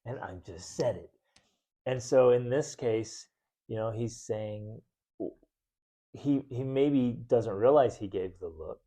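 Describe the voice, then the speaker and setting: A man hosting a podcast, chatting casually with his wife and acting out their old arguments in lively voices. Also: mid-range voice, slow pace. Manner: animated, acts out arguments in voices. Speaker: podcast host.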